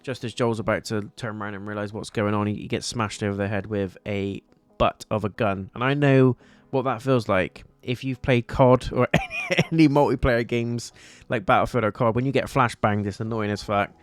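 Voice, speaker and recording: A man's voice: on the low side, steady tone, normal speed, few pauses, no room sound. A man giving a casual spoken review of a TV episode, recapping scenes in a chatty way and loosely paraphrasing the characters' lines.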